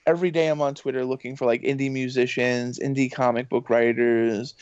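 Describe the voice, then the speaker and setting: Excitable rambling man on a podcast. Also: mid-range voice, fairly quick, clean tone, no echo. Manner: excitable, rambling, lots of fillers. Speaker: podcast guest, professor and voice actor. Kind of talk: casual interview chat. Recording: dull lo-fi dry sound.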